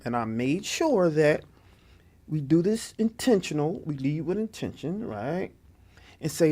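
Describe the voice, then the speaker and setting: A man's voice: a little high, measured pace. A man hosting a community radio talk show, chatting casually and often asking "right?" for emphasis. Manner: animated, laughing, preacher-like emphasis with "right?".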